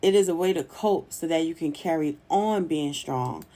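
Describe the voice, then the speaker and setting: A woman's voice: low voice, normal speed, dark tone. A woman hosting her own solo podcast, talking in a chatty, encouraging way and laughing easily. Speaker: podcast host.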